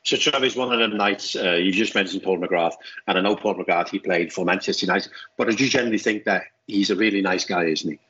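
A middle-aged man from Denmark with a low, husky voice spins relaxed stories on a podcast. He talks casually and acts out the people he quotes. The recording sounds muffled and lo-fi. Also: fast talker. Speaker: co-host, former footballer. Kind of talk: casual podcast chat, anecdotes.

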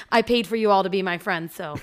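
A woman in her thirties co-hosting a casual podcast, telling a story with plenty of swearing and acting out the people in it. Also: mid-range voice. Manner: swears freely, acts out quoted people when telling stories. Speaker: podcast co-host. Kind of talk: casual chat.

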